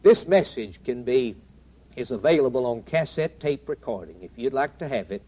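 A man's voice: mid-range voice, expressive, normal speed, warm tone, slightly rough. A man preaching a sermon with a rising and falling, emphatic cadence. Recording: broadcast of a taped sermon.

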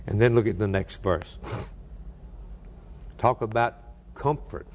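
A man's voice: on the low side, lively intonation, takes it slowly, long pauses. Older man, preacher, sermon delivery, big dynamic swings, reverberant hall. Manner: dramatic swings between soft and raised delivery.

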